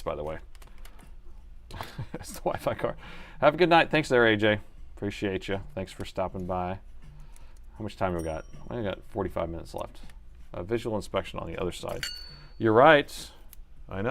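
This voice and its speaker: Male repair streamer, lower register, relaxed commentary that drifts between mumbling and addressing viewers. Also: normal speed, pauses often. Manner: muttering to himself, then chatty to viewers. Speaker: livestream repair host. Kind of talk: casual live commentary while repairing.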